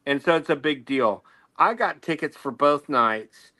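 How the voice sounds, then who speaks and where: Guy on a video call, jokey and animated, bright kinda high voice. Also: unhurried. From San Antonio, Texas. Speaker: co-host. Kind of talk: casual chat.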